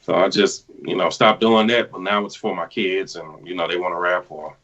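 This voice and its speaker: A man as a guest on a call, relaxed and giving short replies. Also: low-pitched, normal speed, muffled recording. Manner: laid-back, short replies. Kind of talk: casual video call chat.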